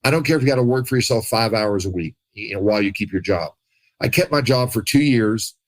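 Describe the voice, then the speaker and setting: A man telling his life story as a podcast guest, animated, acting out the people he quotes and laughing often. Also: lowish voice, quick pace, no echo, poor audio. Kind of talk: casual storytelling.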